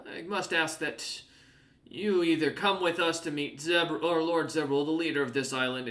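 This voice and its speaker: Man doing a formal, stern paladin; bright, roomy. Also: on the high side. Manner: formal, commanding.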